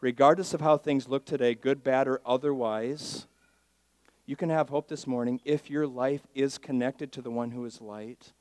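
Pastor preaching, hushed to booming. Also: male voice, steady tone, moderate pace, no room sound. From Miami, Florida. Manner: swings from hushed asides to loud emphatic declarations; leads call-and-response with the congregation. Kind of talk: sermon.

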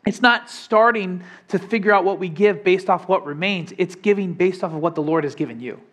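A man's voice: high voice, fairly quick, a bit bright. A young adult man preaching a sermon in a conversational way, often asking the congregation questions. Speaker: pastor.

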